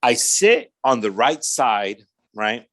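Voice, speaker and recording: Slow and medium in pitch, a pastor recounts his personal testimony on a podcast. His casual street slang includes frequent "man," and he brings quoted dialogue to life by acting out each person's voice.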